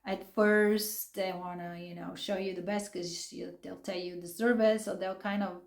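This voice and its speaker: A woman's voice: fairly low pitch, flat delivery, normal speed, vocal fry, reverberant. A middle-aged woman explaining psychology casually and animatedly, acting out quoted lines and laughing often. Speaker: psychology video host.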